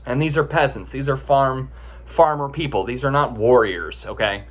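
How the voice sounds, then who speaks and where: A man's voice: mid-range voice, normal speed. A man giving a casual, conversational talk as a meditation teacher, often checking in with the listeners as he tells a story.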